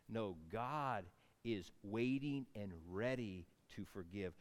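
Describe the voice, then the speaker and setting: A man preaching a sermon, telling a Bible story with animated swings between loud outbursts and hushed asides. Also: medium pitch, takes it slowly, big-room sound. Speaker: pastor.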